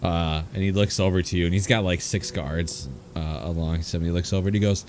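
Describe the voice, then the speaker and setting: Low-voiced casual male game master. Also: steady tone, darkish tone, slight background noise. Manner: casual, filler-heavy narration with quick quoted voices. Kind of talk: narrating a tabletop game.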